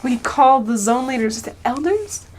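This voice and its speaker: Young woman, returned missionary, animated storyteller who laughs a lot. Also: mid-range voice, normal speed. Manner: animated, laughs often, acts out quoted voices. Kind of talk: personal storytelling.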